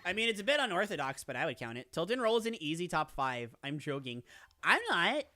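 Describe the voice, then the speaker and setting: A man's voice: on the high side, sing-song, a little fast, pushed and bright. A man streaming live in casual chat, rambling playfully with lots of "like" and restarts while he answers viewers.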